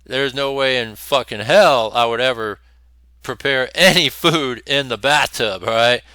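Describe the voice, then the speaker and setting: A man hosts an opinionated commentary show over clips, speaking bluntly and profanely and letting out scornful laughs between points. His medium-pitched voice is measured, bright, forceful, clear and resonant, with no room sound.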